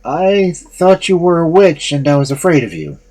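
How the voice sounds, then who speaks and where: A storyteller voicing an ashamed, anxious young man who talks in a sheepish, pleading way, slightly husky. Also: fairly high pitch, sing-song, moderate pace, a little mellow, pitched above the performer's own voice, low-quality recording.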